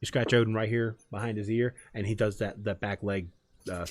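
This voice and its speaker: A man's voice: on the low side, level tone, brisk. A man streaming a game from home, chatting in a rambling, storytelling way. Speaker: gaming streamer. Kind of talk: casual chat while gaming.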